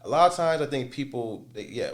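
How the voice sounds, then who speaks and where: A man speaking as a guest and student mentor, talking slowly and reflectively with many "you know"s. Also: medium pitch, animated. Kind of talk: casual conversation.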